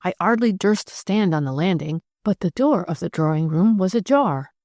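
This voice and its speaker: A woman's voice: fairly low pitch, expressive, moderate pace, darkish tone, no room sound, clean studio sound. Woman voicing a timid young housemaid. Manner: timid, earnest.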